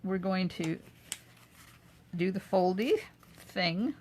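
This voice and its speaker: Her voice is on the low side with a darkish tone, and she speaks at a slow pace. The older woman is hosting a live craft demo from her home craft room, narrating each step while working and chatting in reply to viewer comments.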